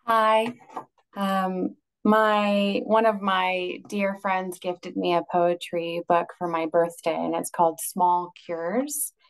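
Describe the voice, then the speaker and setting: Slow, creaky-voiced woman reading a poem. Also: lowish voice, level tone. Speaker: reader at an open mic.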